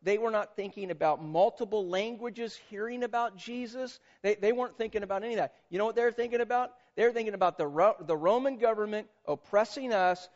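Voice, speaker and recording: A man preaching a sermon as pastor, animated and conversational, drawing the congregation in with questions. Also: high voice, brisk, few pauses, muffled recording. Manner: animated, conversational, quizzes audience.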